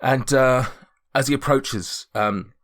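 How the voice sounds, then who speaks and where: A man narrating as game master of a tabletop game, halting, with many restarts. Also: mid-range voice, a bit bright.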